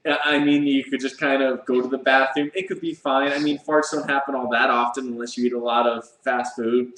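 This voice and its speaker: A man's voice: medium pitch, steady tone, fairly quick, fairly bright tone. A man co-hosting a casual live chat show, spinning crude, rambling what-if stories and laughing along. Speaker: co-host. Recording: echoey room.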